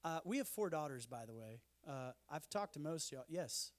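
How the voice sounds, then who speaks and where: Animated storyteller, higher-pitched man. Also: normal speed. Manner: animated, self-deprecating storyteller. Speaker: speaker. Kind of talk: conference talk with humorous stories. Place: conference stage.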